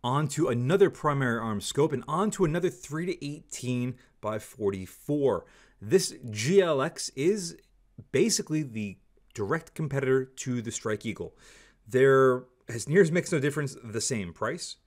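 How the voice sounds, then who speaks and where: A man's voice: medium pitch, lively intonation, moderate pace. A man giving a candid, opinionated product review, talking casually and repeating stock phrases. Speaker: scope reviewer.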